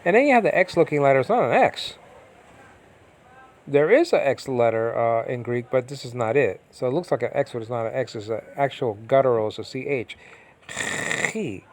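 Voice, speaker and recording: A man's voice: medium pitch, animated, brisk, a little mellow, slight background noise. A man teaching biblical Greek in an informal, rambling way, with many fillers and restarts, often asking if listeners follow.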